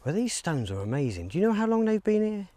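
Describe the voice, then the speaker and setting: Guy vlogging outdoors, mellow voice, chats away to some cows, faint field sounds behind. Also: high-pitched, very animated, fast, a little hiss or hum. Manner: chatty, talks playfully to the cows around him. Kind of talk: casual walking vlog. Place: outdoor field beside a stone circle. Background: faint outdoor ambience with cows.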